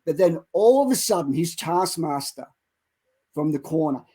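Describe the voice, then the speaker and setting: Man, middle-aged, Christian show co-host, fervent storyteller, building exhortation, higher voice. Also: animated, normal speed, slightly rough, poor audio. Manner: dramatic retelling that builds to loud exhortation. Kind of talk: impassioned preaching and storytelling.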